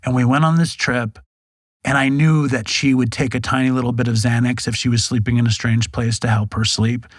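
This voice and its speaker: This podcast guest is a man in his forties with a medium-pitched voice and a slightly quick delivery. Recorded dry in a studio, he shares his story openly, animated and profane, voicing the lines of the people in it.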